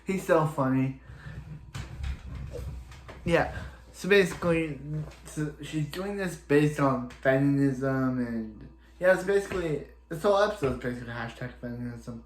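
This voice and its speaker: A man's voice: medium pitch, measured pace, roomy sound, slight background noise. A man casually recapping and reviewing a TV episode, rambling and opinionated, with lots of restarts. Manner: rambling, chatty, leans on "he's like" and restarts; openly opinionated and exasperated about a character.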